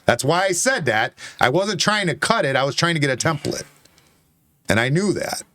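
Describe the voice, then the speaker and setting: A man's voice: on the high side, big pitch swings, normal speed, sharp tone, no room sound, clean studio sound. A man arguing heatedly on a bar-talk show, defensive and insistent, swearing and repeating himself. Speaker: co-host.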